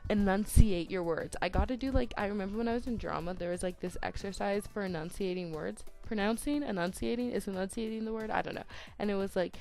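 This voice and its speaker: A teenage girl chatting over a game build, soft-spoken and tongue-tied, with voice cracks and constant "like"s. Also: mid-range voice, fast, creaky, soft background music. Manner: chatty, self-deprecating, lots of "like", tongue-tied restarts. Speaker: YouTuber. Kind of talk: rambling voice-over chat during a speed build. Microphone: home desk microphone.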